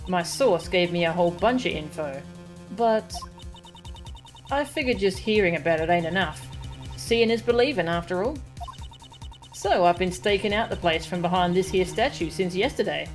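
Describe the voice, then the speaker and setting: A woman's voice: fairly low pitch, natural voice. A woman voicing a brash young female photographer who talks in a folksy, drawling country way, read aloud from a game.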